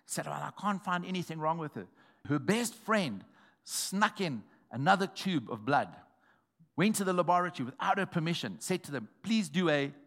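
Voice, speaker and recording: A man preaching a sermon, telling a testimony in a storytelling way that builds to shouted exhortation. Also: on the high side, expressive, normal speed.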